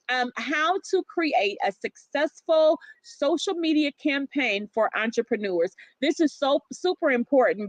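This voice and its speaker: A lively woman co-hosts a late-night livestream, chatting warmly and reading viewer comments aloud. Her voice sits fairly high, and the sound is close and dry, with no room around it. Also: no room sound. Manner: animated, reads out viewer comments. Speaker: livestream co-host. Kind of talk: casual livestream chat.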